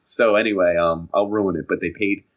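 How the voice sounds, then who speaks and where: A young man telling casual anecdotes on a podcast, animated and acting out the voices of people in his stories. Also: low voice, normal speed. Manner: animated, acts out voices in anecdotes, laughs often. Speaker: podcast co-host. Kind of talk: casual storytelling chat. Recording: dull lo-fi podcast audio.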